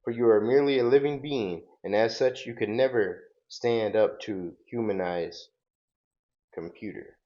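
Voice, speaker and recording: A man's voice: on the low side, unhurried, warm tone, highs cut off, natural voice. A man voicing a grandiose, menacing male robot villain while reading a comic book aloud.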